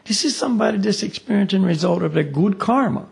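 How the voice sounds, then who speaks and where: A man with a fairly high, gravelly voice gives a spiritual class lecture. He talks in a loose, conversational way, keeps adding "you see" and plays out short back-and-forth dialogues as he teaches. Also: lively intonation, fast talker. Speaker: meditation teacher. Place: meditation class room.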